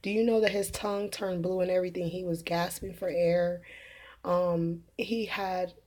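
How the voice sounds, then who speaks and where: A woman who talks in a rambling, earnest way, laughing often and filling pauses, as she tells viewers of her religious video channel about her day. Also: lowish voice, little pitch movement, a little mellow. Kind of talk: casual spoken testimony to camera.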